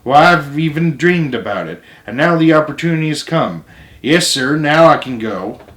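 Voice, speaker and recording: A man voicing an excited old grandfather who runs a country store, talking eagerly and loudly. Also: fairly high pitch, moderate pace. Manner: eager, loud, bursting with excitement. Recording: roomy echo.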